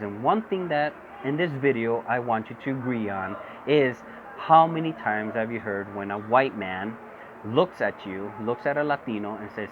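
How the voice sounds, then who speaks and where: Impassioned man on a tinny phone recording. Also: mid-range voice. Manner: impassioned, repetitive, switches between English and Spanish. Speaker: vlogger. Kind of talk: political monologue. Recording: tinny phone-quality audio with buzzing insect noise.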